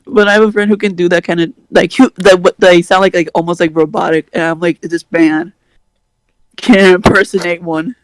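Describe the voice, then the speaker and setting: A man's voice: high voice, fairly even intonation, moderate pace, no echo. A man chatting casually with fellow tabletop game players in a goofy, self-mocking way. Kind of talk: casual chat.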